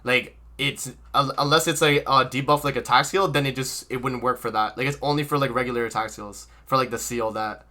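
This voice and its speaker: A hesitant man explaining game mechanics on a casual podcast, trailing off and filling his lines with likes. His voice is bright and crisp, at a middle pitch. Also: steady tone, a little fast, hardly any pauses. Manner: hesitant, trails off, many fillers. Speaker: podcast panelist. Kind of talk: casual gaming chat.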